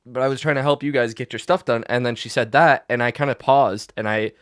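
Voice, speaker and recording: A man's voice: mid-range voice, steady tone, brisk, dry recording, studio quality. A young man co-hosting a podcast, telling a story in casual chat with lots of fillers and restarts. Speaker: podcast co-host.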